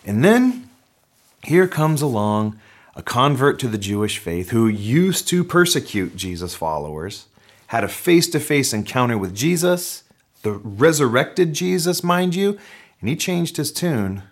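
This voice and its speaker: Animated man preaching a sermon. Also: mid-range voice, a little slow. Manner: animated, conversational preaching with restarts. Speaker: pastor.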